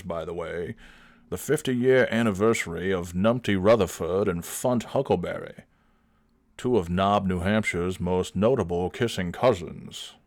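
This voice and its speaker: A man hosting a comedy show, telling a crude story deadpan and chatting casually with profanity. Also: sits low, no echo, clean studio sound.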